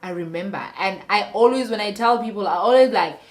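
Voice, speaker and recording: A woman's voice: medium pitch, fairly quick. A young South African woman telling a personal story to her viewers in a casual vlog, emphatic and talking straight to them. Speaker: vlogger.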